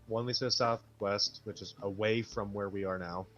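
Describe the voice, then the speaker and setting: A man with a Southern US accent playing a tabletop game, talking fast and stumbling over his words. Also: on the low side, steady tone, a bit bright, muffled recording, faint music behind. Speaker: player. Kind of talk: casual tabletop play.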